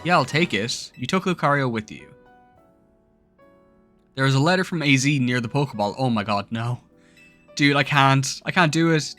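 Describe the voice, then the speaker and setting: A man commentating his own video game playthrough, excitable and emotional, often breaking into exclamations. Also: medium pitch, normal speed, long pauses, faint music behind. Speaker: gaming YouTuber. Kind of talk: let's-play commentary.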